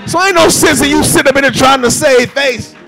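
A man preaching a sermon live in church, getting the congregation to repeat after him and swinging from quiet talk up to shouting. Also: brisk, over music, crowd noise, rough recording. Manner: builds to shouting peaks, then drops low. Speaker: pastor. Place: church sanctuary, recorded live.

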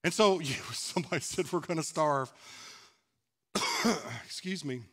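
Candid pastor preaching, slightly high voice. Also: male voice, measured pace, fairly bright tone. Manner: candid, conversational, laughs at himself. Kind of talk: sermon. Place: church sanctuary.

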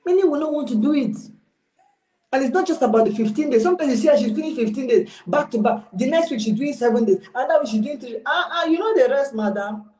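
A woman's voice: sits high, animated, quick pace, warm tone. A woman giving an informal, exhorting online sermon, mixing in pidgin phrases. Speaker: preacher. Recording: roomy echo.

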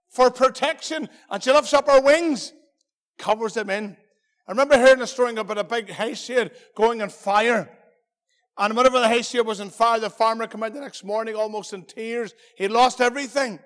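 High-voiced Northern Irish preacher. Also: male voice, moderate pace, a bit bright, long reverb tail. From Northern Ireland. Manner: storytelling, asks the children questions, playful. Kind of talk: children's talk in a church service. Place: church hall.

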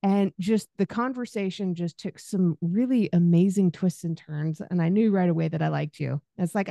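A woman's voice: lowish voice, normal speed, vocal fry, few pauses, warm tone, no echo, clean studio sound. Chatty woman podcast host. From Arkansas. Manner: friendly, chatty, laughs often. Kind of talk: casual interview conversation.

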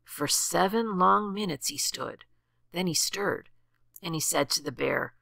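An older woman reading a rhyming storybook aloud with expressive, sing-song rhythm. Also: on the low side, measured pace, vocal fry, no room sound.

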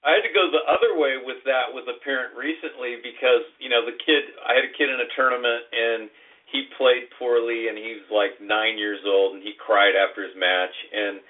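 A man hosting an interview, calmly telling a story about a young player he coaches. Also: mid-range voice, normal speed. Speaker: host, tennis coach. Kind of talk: interview conversation. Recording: distant, tinny phone-like sound.

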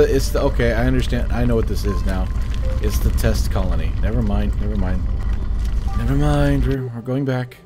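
A man streaming a game live, chatting and joking with viewers in a casual, animated way while sounding tired. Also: mid-range voice, normal speed. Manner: animated, jokey, chats with viewers. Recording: game soundtrack music playing behind. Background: game soundtrack music.

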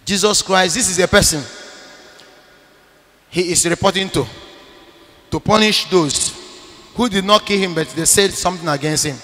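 Male priest, sermon; forceful, bright tone, insistent repetition, reverberant hall sound. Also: high voice, moderate pace, pauses often. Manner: emphatic preaching with sudden loud bursts; repeats phrases for emphasis. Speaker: Catholic priest.

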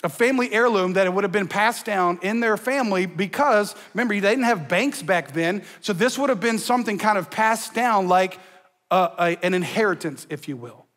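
A man preaching a sermon as a pastor in a church, energetic and joking, talking to the crowd in slang. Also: sits high, moderate pace, in a large hall. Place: church sanctuary.

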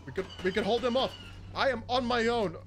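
A man giving excitable, panicky running commentary while he plays a shooter game. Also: very high voice, a little fast, background noise. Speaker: gaming channel host. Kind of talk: gameplay commentary.

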